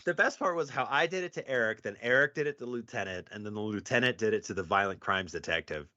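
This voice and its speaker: A man's voice: on the low side, fast, no echo, muffled recording. A man co-hosting a podcast, telling a story casually and acting out the people in it. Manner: animated, acts out quotes. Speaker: podcast co-host.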